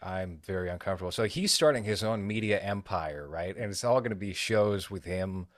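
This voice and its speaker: Male podcast host, very low voice, wry and measured, dry close mic. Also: no echo. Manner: wry, measured, swears casually. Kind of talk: casual podcast chat.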